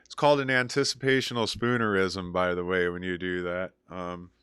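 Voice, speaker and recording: A man's voice: low voice, steady tone, moderate pace, a bit bright, smooth, no echo, clean studio sound. A man hosting a casual music show, giving advice and telling stories in a rambling way with lots of fillers. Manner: rambling, many fillers and restarts. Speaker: DJ and show host. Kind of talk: casual chat advice and storytelling.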